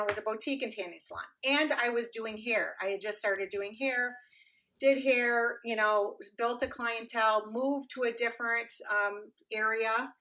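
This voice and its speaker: A middle-aged woman telling her career story as a podcast guest, animated, acting out dialogue with lots of fillers. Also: on the high side. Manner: animated, acts out quoted dialogue, frequent fillers. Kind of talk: casual interview storytelling.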